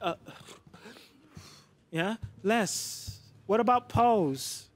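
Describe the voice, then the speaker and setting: High-voiced man coaching dancers. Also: lively intonation, drawn-out words. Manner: coaxing, repeats "yeah?" to check understanding. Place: dance studio.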